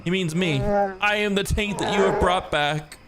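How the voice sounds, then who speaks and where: A man's voice: on the high side, lively intonation, normal speed, very noisy. A man voicing a bitter, defiant male Wookiee outcast, blunt and accusing, reading game dialogue aloud.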